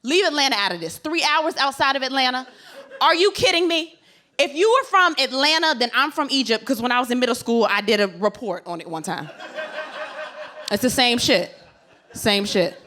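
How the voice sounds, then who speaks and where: A woman's voice: high-pitched, lively intonation, moderate pace, pushed and bright. A woman from Virginia Beach doing a stand-up comedy set, sassy and brash, punching her jokes with asides. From Virginia Beach, USA.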